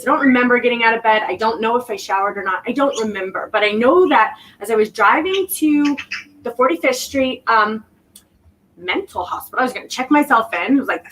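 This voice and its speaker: Woman w/ a high voice telling her story, halting and thoughtful, sounds kinda far from the mic. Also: a bit bright. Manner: reflective, halting, restarts often. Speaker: guest. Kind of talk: personal story in an interview. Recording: voice distant from the mic.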